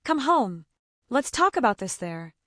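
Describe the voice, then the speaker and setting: A woman's voice: fairly high pitch, very animated, unhurried, a bit bright, no echo, studio quality. A woman reading the lines of a tense, defensive adult husband in a storytime narration, pleading and evasive.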